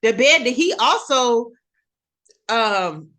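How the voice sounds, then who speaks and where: A woman hosting a casual recap chat, telling the story with lively acted-out quotes. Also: on the high side, takes it slowly. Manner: animated storytelling, acts out characters' lines. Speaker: show recap host.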